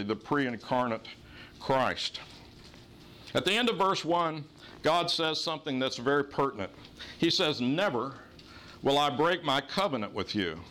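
A man's voice: fairly high pitch, sharp tone. Man teaching a Bible lesson. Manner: measured, explanatory teaching. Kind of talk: Bible study lecture.

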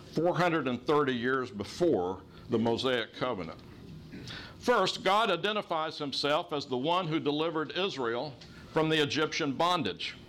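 A man teaching a Bible study class, explaining the passage in a measured, explanatory way. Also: fairly high pitch, a bit bright, slight background noise.

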